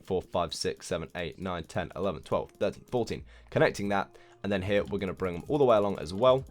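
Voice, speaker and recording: A young man hosting a building game tutorial, chatting casually and poking fun at himself while counting blocks out loud. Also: low-pitched. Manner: chatty, self-deprecating, counts blocks aloud. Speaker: Minecraft building tutorial host. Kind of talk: casual gameplay tutorial commentary.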